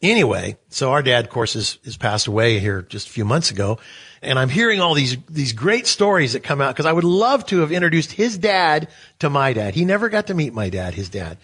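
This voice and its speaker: Man, casual storyteller, husky, bright, very lively pitch, talk-show co-host. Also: fairly quick. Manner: animated, acts out voices in his stories.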